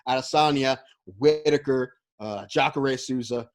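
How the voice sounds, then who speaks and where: A man's voice: medium pitch, measured pace. A man co-hosting a podcast, chatting casually and hedging his opinions as he rambles. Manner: rambling, hedging fan talk. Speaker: podcast co-host. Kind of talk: casual chat.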